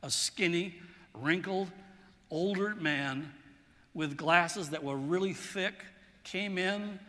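A man preaching a sermon in a large church hall, telling stories in a relaxed, chatty way and often repeating words. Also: high voice, slow pace. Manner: conversational, storytelling, repeats words. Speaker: pastor. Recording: long hall reverb.

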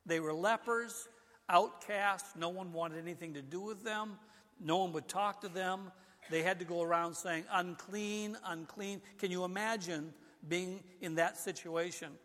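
A man's voice: sits high, fairly even intonation, normal speed, a bit bright. An older man preaching a sermon in a church, talking in a conversational way, often restarting his sentences. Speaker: pastor. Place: church sanctuary. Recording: long hall reverb.

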